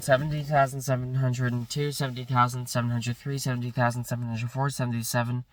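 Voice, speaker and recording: A man rattles through long numbers at a rapid clip, stumbling now and then and correcting himself. His voice sits at an ordinary middle pitch and sounds a little distant from the microphone. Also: flat delivery, soft background music. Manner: rapid rote counting with slips, self-corrections and bursts of swearing frustration. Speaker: streamer counting aloud. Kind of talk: long monotonous counting stream.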